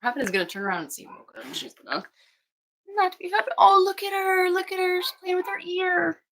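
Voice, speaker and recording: High sing-song woman cooing at puppies. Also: lively intonation, fairly quick, a bit bright, a little hiss or hum. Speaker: dog breeder. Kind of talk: casual vlog narration.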